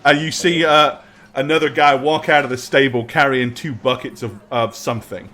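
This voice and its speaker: A man narrating as dungeon master in a casual, halting way. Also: medium pitch, fairly even intonation, sharp tone. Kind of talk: narrating a tabletop game.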